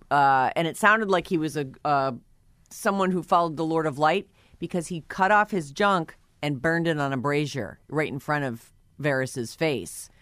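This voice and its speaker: A woman's voice: deep voice, no room sound, studio quality. A woman co-hosting a radio show in casual talk, chatty, candid and joking. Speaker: radio co-host. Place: radio studio.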